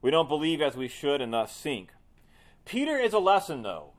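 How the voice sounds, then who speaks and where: A man preaching a sermon to his congregation as pastor, building to emphatic peaks and dropping to quiet, soft lines. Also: fairly high pitch, big pitch swings, normal speed.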